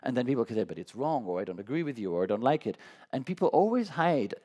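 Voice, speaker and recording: A young man speaks in a quick, passionate stream at a public talk in a meeting hall. He keeps stumbling and restarting his sentences. His voice sits at an ordinary middle pitch. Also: big pitch swings, dark tone, dull audio. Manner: talks too fast, admits it. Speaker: conductor. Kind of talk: public conversation on stage.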